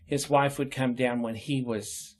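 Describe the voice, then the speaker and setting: A man's voice: mid-range voice, fairly even intonation, measured pace, a little mellow. A man being interviewed, telling long stories about his work in theater in a casual, chatty way with frequent laughter. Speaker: interview guest.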